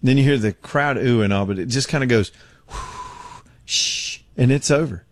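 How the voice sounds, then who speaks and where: Relaxed radio host, dry studio sound. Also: male voice, mid-range voice, quick pace, no room sound. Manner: relaxed, rambling, with fillers. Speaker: radio talk show host. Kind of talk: casual radio chat. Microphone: studio microphone.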